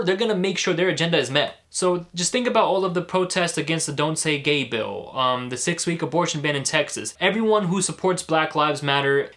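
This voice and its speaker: A man's voice: a little high, fairly bright tone. A young man giving an impassioned, indignant and sarcastic commentary vlog, talking straight to his viewers. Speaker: political commentary vlogger.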